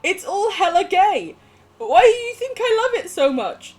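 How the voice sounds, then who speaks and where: A woman's voice: very high-pitched, big pitch swings, a little slow, darkish tone. A young woman streaming a game, chatting casually with viewers, giggling and swearing. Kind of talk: casual live gameplay chat.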